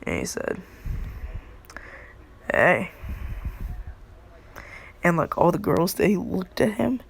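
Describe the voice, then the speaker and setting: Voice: medium pitch, wildly swooping pitch, normal speed, gravelly, a little hiss or hum. A storyteller rambling casually through a fan story, full of "like," laughing at their own jokes.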